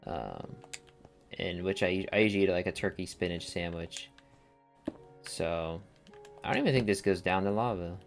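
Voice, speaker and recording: A man's voice: low-pitched, expressive, normal speed, creaky, long pauses, soft background music. A young man chatting casually and rambling while playing a game, dropping slang as he goes. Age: young adult. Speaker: let's play gamer. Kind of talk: casual gameplay commentary.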